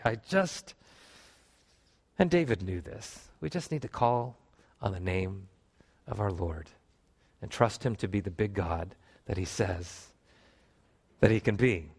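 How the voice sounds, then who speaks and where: A man preaching a sermon to a congregation, animated, with emphatic rises and calls for response in a church. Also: mid-range voice. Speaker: pastor.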